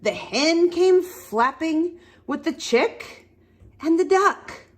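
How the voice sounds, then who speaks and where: Animated woman reading a picture book to children. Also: very high voice, slow. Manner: animated, questions children, makes animal sounds. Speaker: storytime reader.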